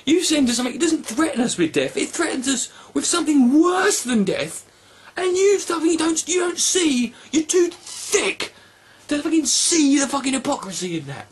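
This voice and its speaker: A young man, a video blogger, delivering a sarcastic, profane rant with animated outbursts. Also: extremely high pitch, normal speed, slight background noise.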